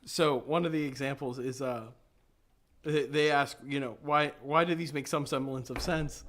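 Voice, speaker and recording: A man's voice: medium pitch, steady tone, moderate pace, fairly bright tone. A man in a casual podcast chat, reading funny quotes aloud and laughing along. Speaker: podcast participant.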